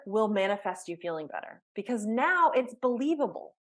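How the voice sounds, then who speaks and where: A woman's voice: fairly high pitch, animated, measured pace, few pauses, a bit bright. A woman leading a live online workshop as a life coach, speaking conversationally and talking through examples of self-talk with frequent restarts.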